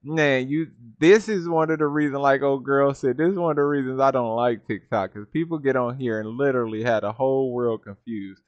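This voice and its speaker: A man talks through a reaction video in loose, casual commentary, laughing often and sounding openly incredulous. His voice sits at a middle pitch. The recording is dull and lo-fi, with a very dry, close sound. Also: a little fast, hardly any pauses, dry recording.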